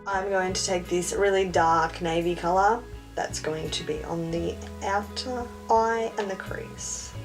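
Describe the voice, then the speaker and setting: A woman's voice: lowish voice, a little slow, over music. Chatty young woman vlogger. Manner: chatty, self-mocking, slangy. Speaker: beauty vlogger. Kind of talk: casual makeup tutorial chat.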